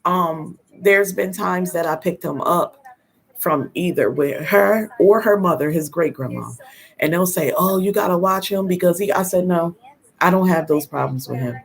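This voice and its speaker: Firm and straightforward, a grandmother shares stories while hosting a live parenting talk, voicing the dialogue as she goes. She speaks at a measured pace in a lowish voice, clearing her throat from time to time.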